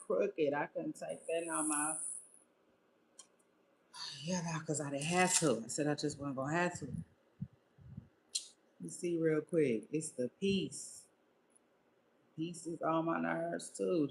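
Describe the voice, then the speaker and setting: A woman's voice: deep voice, vocal fry, echoey room. A woman chatting casually with viewers as a podcast host, laid-back and laughing, with slangy talk.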